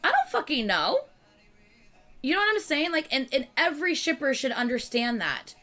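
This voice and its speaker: A woman hosting her channel, chatting casually with viewers in an animated, exasperated rant. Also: sits high, normal speed. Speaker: channel host.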